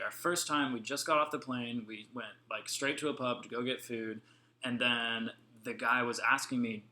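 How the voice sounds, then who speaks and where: A man's voice: medium pitch, bright, forceful tone. A young man co-hosting a casual family vlog Q&A, chatty and laughing often while telling stories. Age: young adult. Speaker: vlog co-host. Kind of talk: casual live Q&A chat.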